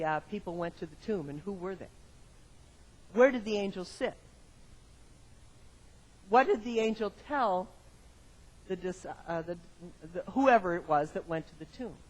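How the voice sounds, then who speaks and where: A male pastor giving a sermon to his congregation in a church, moving from quiet reflection to loud emphatic exclamations and repeating phrases in rhythmic lists. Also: high-pitched, poor audio. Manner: addresses the congregation directly with questions. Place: church sanctuary.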